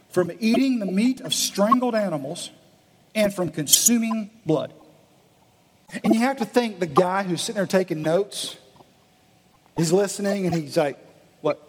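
A male pastor giving an animated sermon, acting out the voices of his listeners. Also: high voice. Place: church meeting in a gym. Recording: echoey hall.

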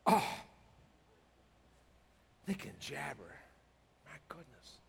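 A man's voice: on the high side, drawn-out words, creaky. Man, pastor, sermon, emphatic, acts out dialogue, reverberant church. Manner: emphatic, animated, with mock dialogue. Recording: reverberant hall.

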